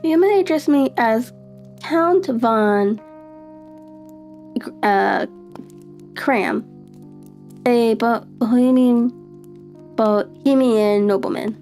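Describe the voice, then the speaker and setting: A woman's voice: fairly high pitch, drawn-out words, pauses often, darkish tone, faint music behind. Imposing masked nobleman, as a woman reads him. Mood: grave.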